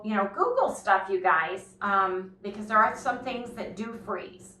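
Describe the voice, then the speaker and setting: A woman's voice: medium pitch, fairly bright tone, reverberant, a little hiss or hum, low-quality recording. A woman chatting casually in a rambling way while cooking at home for her vlog. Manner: chatty, rambling, laughs often. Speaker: vlogger. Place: home kitchen.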